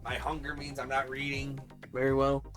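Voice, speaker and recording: A man's voice: medium pitch, monotone, moderate pace, a bit bright, soft background music. A man streaming a game, reading on-screen text aloud and joking casually, with the odd swear. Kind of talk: casual game playthrough commentary.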